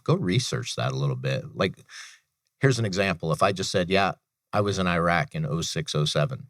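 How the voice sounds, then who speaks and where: A man in his thirties with a bass voice, a veteran and author, is a guest on a business radio show. In an earnest, repetitive way, he tells personal stories, repeating phrases as he goes. The recording is studio quality with no echo.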